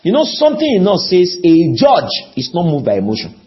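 A man's voice: wildly swooping pitch, a little fast, dull audio. A man preaching a sermon, pleading with his listeners and often asking them questions. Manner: pleading, rises on key words then drops low; repeats and asks the audience questions.

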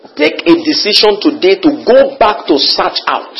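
A man preaching a sermon with an altar call, animated and climbing to near-shouts. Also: high voice, normal speed, few pauses, a little hiss or hum. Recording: muffled lo-fi with faint ambience.

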